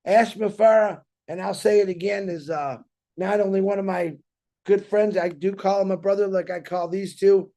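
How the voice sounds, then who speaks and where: A man's voice: sits high, fairly even intonation, normal speed, warm tone. A man hosting a community show, talking earnestly and casually, rambling and repeating himself. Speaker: show host. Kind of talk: casual motivational talk to a community.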